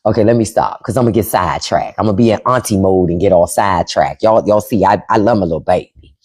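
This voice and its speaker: A woman's voice: extremely low pitch, quick pace, darkish tone, breathy edge. A middle-aged woman hosting a casual livestream from home into a microphone, acting out quoted voices as she talks. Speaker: livestream host.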